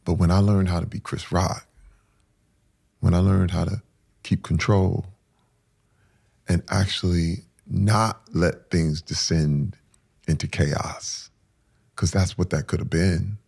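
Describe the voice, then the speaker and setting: A man's voice: steady tone, slow pace, pauses often. A middle-aged man, a podcast guest, telling an emotional personal story with intensity, acting out what people said. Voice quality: deep gravelly voice. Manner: intense, acts out quotes, swings between hushed and loud.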